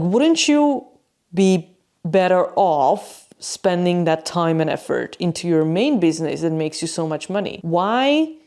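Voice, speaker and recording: A woman's voice: on the low side, dark tone. A woman vlogger telling a candid story in a frank, chatty way, swearing freely.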